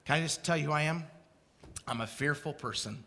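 A middle-aged male preacher from Idaho giving a passionate sermon, swinging from quiet confession to shouted exclamation. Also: fairly high pitch, fairly quick, long reverb tail.

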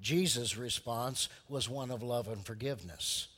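A man preaching a sermon, telling a story with lively acted-out voices for its people. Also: mid-range voice, a little slow, in a large hall. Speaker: pastor.

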